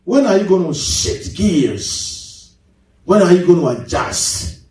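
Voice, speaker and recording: A man preaching a sermon as pastor, swinging his pitch sharply and mimicking congregants. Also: big pitch swings, slow pace, darkish tone. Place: large church hall. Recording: echoey hall, mic at a distance.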